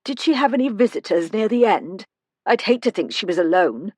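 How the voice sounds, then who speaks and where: A woman voicing a polite, shrewd older lady who probes gently. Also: medium pitch, animated, a little fast, no room sound, pitched above the performer's own voice, close to an everyday voice. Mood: probing. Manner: polite, probing.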